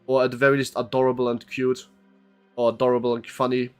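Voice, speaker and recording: A man's voice: medium pitch, completely flat delivery, fast, clean tone, faint music behind. A young man streaming a game, chatting to his viewers in a rambling, joking way and reading the game's text aloud. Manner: rambling, chatty, thanks chat members, swears.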